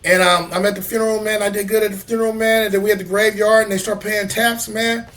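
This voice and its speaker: A man's voice: high voice, level tone, fast talker, a bit bright. A man co-hosting a talk show, speaking from the heart and ending most phrases with "man". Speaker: co-host. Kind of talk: casual talk show chat.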